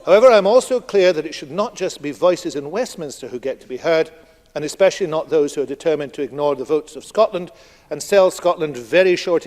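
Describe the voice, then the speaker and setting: A man's voice: a little high, darkish tone. A man, a cabinet secretary, giving a formal speech in parliament, emphatic and combative, using rhetorical repetition. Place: large parliamentary debating chamber. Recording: long reverb of a debating chamber.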